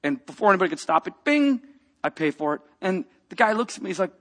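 A man preaching a personal testimony, telling a story with lively acted-out quotes and dropping to a hush for tender moments. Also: sits high, fast talker. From grew up in a rough biker family.

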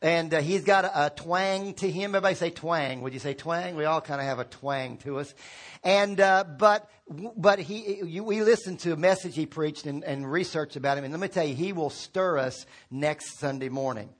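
High-voiced pastor preaching to a congregation. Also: male voice, normal speed. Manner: informal, calls on congregation to repeat words. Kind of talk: sermon. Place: church sanctuary.

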